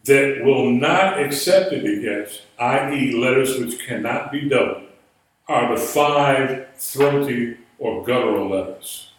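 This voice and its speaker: A man's voice: medium pitch, animated, slow pace. A man teaching a Biblical Hebrew class in a classroom lecture style, patiently explaining rules and spelling words out letter by letter. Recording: echoey room, voice far from mic.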